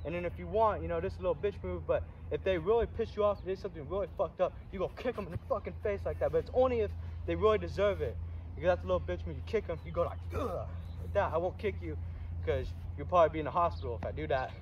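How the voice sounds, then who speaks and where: An actor playing a hot-tempered, foul-mouthed fight instructor who curses and blusters, recorded outdoors. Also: male voice, high-pitched, racing, dull audio, close to an everyday voice. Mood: blustering. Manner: cursing, blustering, filler-heavy. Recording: distant mic, clear outdoor noise.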